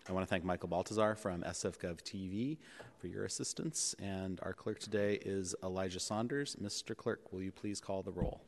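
A man's voice: low-pitched, moderate pace. A man chairing a public board meeting in a city hall chamber, running procedure with frequent ums and uhs. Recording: echoey chamber with long reverb.

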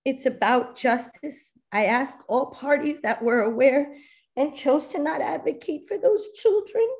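Mom speaking up at a board meeting, high voice, choked up and pleading. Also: female voice, a little slow, a little mellow, poor audio. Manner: impassioned, pleading, near tears. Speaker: public commenter. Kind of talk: emotional public comment.

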